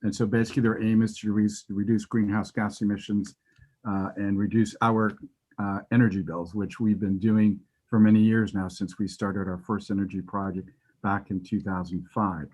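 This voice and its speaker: A man's voice: lowish voice, flat delivery, moderate pace, a little mellow, breathy edge. A man giving a facilities presentation to a committee over a remote call, explaining steadily with some fillers. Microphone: remote call audio.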